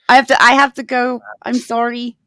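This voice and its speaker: Woman, high voice, stream guest, light and giggly, dry close sound. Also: level tone, unhurried, pushed and bright, clean tone, dry recording. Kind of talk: casual group stream chat.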